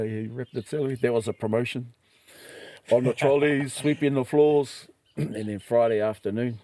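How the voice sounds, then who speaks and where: A middle-aged man with a New Zealand accent, telling stories in casual chat and acting out what people said. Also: mid-range voice. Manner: animated, acts out quoted voices, laughs while telling. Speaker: podcast guest. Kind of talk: casual storytelling.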